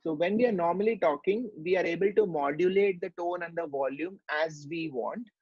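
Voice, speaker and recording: A man's voice: fairly high pitch, a little fast, breathy edge, dry recording, muffled recording. A man giving a medical lecture, explaining step by step and asking rhetorical questions.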